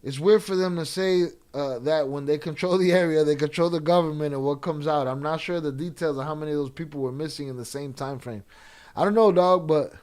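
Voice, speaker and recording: A man's voice: fairly high pitch, a little fast, a little mellow. Blunt, profane male streamer. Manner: blunt, profane, talks back to chat. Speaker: live-stream reaction host. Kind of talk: casual live-stream commentary, reading chat aloud.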